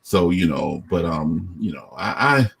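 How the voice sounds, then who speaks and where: Husky middle-aged guest, hesitant casual talker, home mic. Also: male voice, low voice, animated, unhurried, fairly bright tone. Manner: hesitant, many fillers and restarts. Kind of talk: casual chat.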